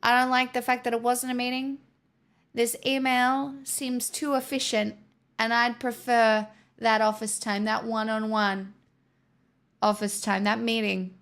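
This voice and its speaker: A woman's voice: a little high, little pitch movement, measured pace, fairly bright tone, smooth. A woman livestreamer chatting casually with her viewers, using sarcastic, mock-corporate girlboss patter.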